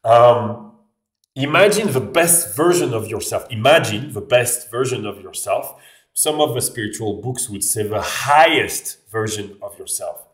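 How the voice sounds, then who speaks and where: A man's voice: mid-range voice, lively intonation, unhurried. A man with a French accent, talking casually to camera in a rambling way, often restarting his sentences. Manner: rambling, restarts phrases, frequent "like". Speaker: vlogger. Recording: echoey room, voice a bit far off.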